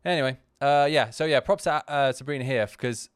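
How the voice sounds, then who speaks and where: Rambling man with a smooth, dry voice. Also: medium pitch, fairly quick, dry recording. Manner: rambling, full of "you know" and restarts; candid and self-deprecating. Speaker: podcast host. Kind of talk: casual commentary on his own video.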